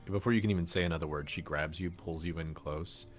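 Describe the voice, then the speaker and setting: A low-voiced man narrates a tabletop game as game master, rambling along with plenty of fillers. Clear background music plays under his voice. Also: fairly even intonation, fast.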